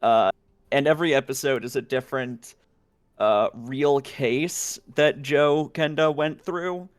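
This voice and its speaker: A man of medium pitch, talking a little slowly, co-hosts a live stream and rambles through an anecdote with lots of swearing and giggling. There's no room sound.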